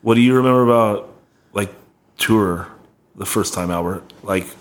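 A man's voice: on the low side, moderate pace. A man hosting a casual chat with bandmates, laid-back and joking, swearing casually.

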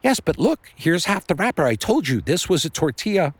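A man voicing a normally soft-spoken young man who turns frantic and pushy about a lost food brand. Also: lowish voice, very animated, brisk, husky, no echo. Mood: urgent. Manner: pleading, pushy.

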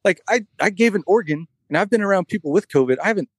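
A man's voice: high-pitched, lively intonation, fast, no echo. Dry-sounding rambling storyteller man. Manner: rambling storyteller, heavy on fillers like "like" and "you know". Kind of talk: casual chat.

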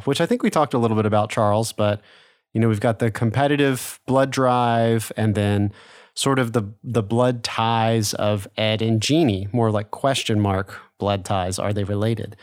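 A man's voice: mid-range voice, dry recording, studio quality. A man co-hosting a podcast, chatting casually about an episode, laughing often and trailing off with fillers. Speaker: podcast co-host. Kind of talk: casual chat.

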